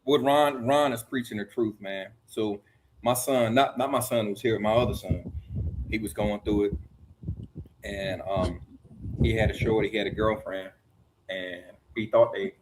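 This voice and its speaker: A man's voice: fairly low pitch, a little hiss or hum, rough recording. A middle-aged man, a guest on a casual livestream, telling a long story in a rambling, blunt way with many restarts.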